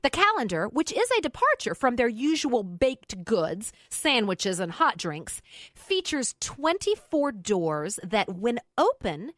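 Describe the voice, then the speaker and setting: A woman's voice: a little high, big pitch swings, slow pace, fairly bright tone, no echo. A woman co-hosting a radio show, chatting casually and reading listener posts aloud with her own asides. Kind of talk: casual talk radio chat.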